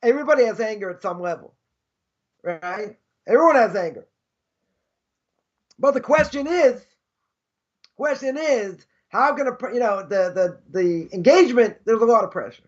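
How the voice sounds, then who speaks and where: A man's voice: high voice, animated, moderate pace, pauses often, dull audio. A man teaching an informal religious class as a rabbi, telling stories in a chatty way and repeating phrases for emphasis. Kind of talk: informal Torah class with storytelling.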